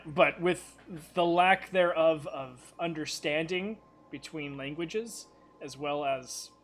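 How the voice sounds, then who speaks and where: A man's voice: a little high, a bit bright. A man running a tabletop game as game master, explaining scenes casually with some swearing.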